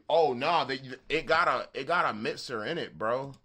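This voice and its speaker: A man with a Southern accent hosting a beat-making livestream, chatting casually in a halting, rambling way and swearing freely. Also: medium pitch, bright, forceful tone. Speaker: beatmaker livestream host. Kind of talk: casual live-stream chat.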